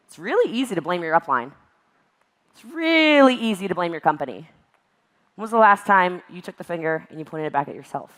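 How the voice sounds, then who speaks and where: A woman giving an emphatic, animated motivational talk at a virtual event. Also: low-pitched. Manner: emphatic and animated, acts out exasperated voices. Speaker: network marketing speaker.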